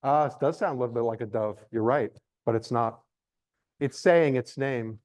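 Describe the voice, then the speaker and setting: A man's voice: medium pitch, normal speed, a little mellow. Playful middle-aged man giving a lecture. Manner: playful, theatrical, joking with the audience. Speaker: naturalist lecturer. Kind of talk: live lecture to an audience. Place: lecture room with audience.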